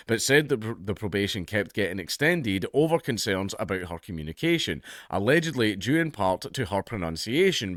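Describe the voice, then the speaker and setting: A man's voice: on the low side, no room sound, studio quality. A man with a toned-down Scottish accent, reading out a news story and commenting on it in a blunt, sweary, mocking way. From Scotland. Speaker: YouTube commentator.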